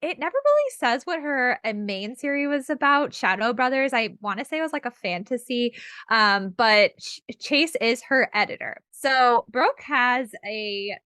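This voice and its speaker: A woman's voice: a little high, expressive, moderate pace, sharp tone, smooth, dry recording, clean studio sound. A woman co-hosting a casual book podcast, summarizing a plot, chatty, with frequent "like"s. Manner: laughs often, uses "like" a lot. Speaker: podcast co-host.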